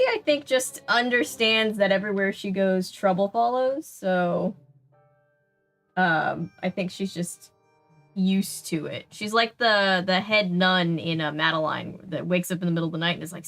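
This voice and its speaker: A woman's voice: lowish voice, moderate pace, a bit bright, faint music behind. A woman with a Southern US accent, chatting casually and laughing often while streaming a video game. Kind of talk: casual gameplay chat.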